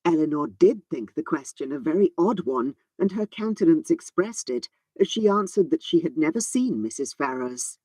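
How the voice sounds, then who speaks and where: Woman narrating an old novel, soft husky voice, dry close sound, slow careful phrasing. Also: low voice, lively intonation, no room sound. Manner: precise, unhurried phrasing of long sentences. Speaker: audiobook narrator. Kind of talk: measured reading of a classic novel.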